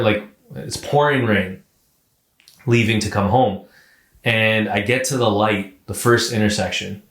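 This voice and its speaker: A man with a fairly low voice tells a story on a podcast in loose, casual chat. He swears freely, repeats himself and fills gaps with "like". The sound is roomy, with a clear echo off the walls. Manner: animated, profane, repeats words and says "like" often. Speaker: podcast co-host.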